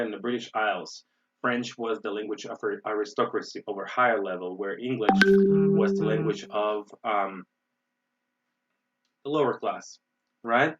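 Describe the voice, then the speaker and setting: A man from the USA with an American accent, teaching an online webinar lesson in an explanatory way, often checking in with "right?" and pausing with "um". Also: lowish voice, distant mic, dull audio. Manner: explanatory, frequent "right?" and "um" fillers. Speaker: English teacher.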